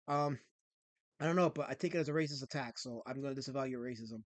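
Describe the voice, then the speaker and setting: A man's voice: mid-range voice, fast, no echo. A man hosting a livestream, reading viewer comments out in a sarcastic, mock-offended tone and going off on playful rants. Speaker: livestream host.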